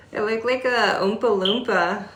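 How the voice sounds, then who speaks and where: A woman's voice: medium pitch, fairly even intonation, slow pace, a bit bright, roomy sound. A woman hosting a casual live stream on her phone, chatty and easygoing, laughing now and then as she talks to a pet bird. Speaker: host of a parrot shop's live stream.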